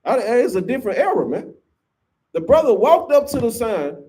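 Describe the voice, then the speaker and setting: A man preaches scripture in a fiery, emphatic style. His voice sits high and swings up and down with lively energy. He keeps tossing in "man" as he drives each point home. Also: moderate pace. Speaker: Sabbath class teacher.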